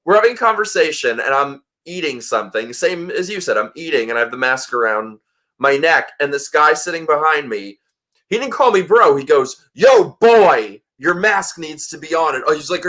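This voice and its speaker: Bright-voiced, animated man telling stories. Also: fairly high pitch, moderate pace. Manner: animated storytelling, swearing freely. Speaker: host. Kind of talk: casual livestream chat.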